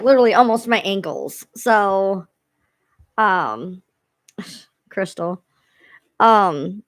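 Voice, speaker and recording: Lively rambling woman streamer. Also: on the high side, no room sound. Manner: rambling, swears freely. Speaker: livestream host. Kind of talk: casual livestream chat.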